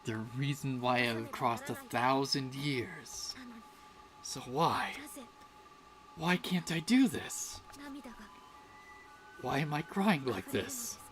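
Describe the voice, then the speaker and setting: A woman voicing a solemn ancient female demon slayer who consumes souls, speaking gravely and with resolve. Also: a bass voice, slow pace, long pauses, over music. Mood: tearful farewell.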